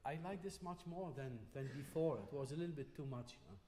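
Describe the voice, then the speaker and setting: Male masterclass teacher with a slightly high voice; patient, encouraging, recorded with long hall reverb. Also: fairly quick, mellow, a little hiss or hum. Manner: patient, frequently checks in with "yeah?". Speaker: trumpet teacher. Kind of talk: masterclass coaching.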